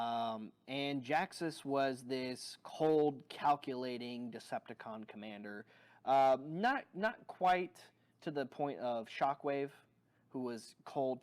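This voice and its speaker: A man reviewing a toy on video, talking in a rambling, enthusiastic fan manner with lots of fillers and restarts. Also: medium pitch.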